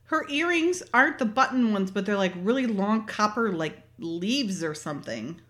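A woman's voice: medium pitch, normal speed. A woman hosting a casual chat, recapping a TV episode, laughing often and acting out the characters. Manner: animated, laughs often, acts out the characters' lines. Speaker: podcast host.

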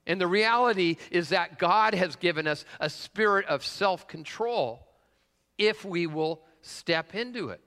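A man's voice: sits high, expressive, a little slow, sharp tone, smooth. A man preaching a conversational sermon and telling a personal story, with frequent "uh" fillers and questions put to the congregation. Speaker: pastor. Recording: long reverb of a large hall.

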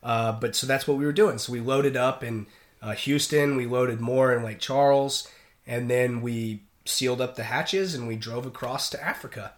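A man's voice: mid-range voice, moderate pace. Man, sailor, casual storytelling, rambling, lots of fillers and restarts. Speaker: guest, merchant sailor.

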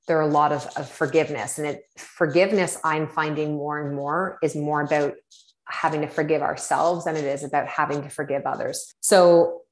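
A woman's voice: low voice, roomy sound. A woman telling a personal story in casual chat, with many fillers, acting out her own reactions. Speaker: podcast guest.

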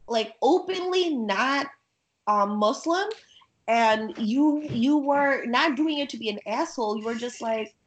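Woman hosting a chatty podcast, slightly higher voice, teases her guest, open about her past. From Bangladesh. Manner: teasing, candid storytelling. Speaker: podcast host. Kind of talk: casual chat.

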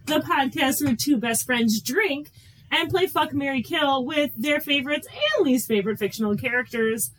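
Brief: woman co-host, fairly high voice, excitable and rambling, quick to laugh, faint hiss behind. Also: low-quality recording. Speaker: podcast co-host. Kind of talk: casual chat.

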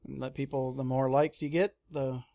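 A man in casual chat, telling lively stories and acting out his own screams. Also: mid-range voice, moderate pace, gravelly. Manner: animated storyteller, mimics his own screams. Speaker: comic shop staff guest. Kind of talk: casual radio-style chat.

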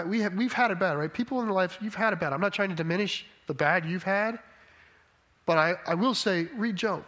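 A man with a notably high voice delivers a sermon in a relaxed, conversational way. He keeps checking in with his listeners as he explains his point. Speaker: preacher.

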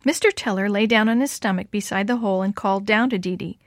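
A woman narrating a children's story aloud in a clear, steady way. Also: medium pitch, fast talker, no echo, clean studio sound.

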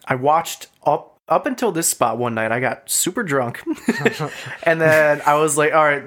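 A man co-hosting a podcast, telling a story in casual chat, animated and swearing freely. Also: on the high side, measured pace. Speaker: podcast co-host.

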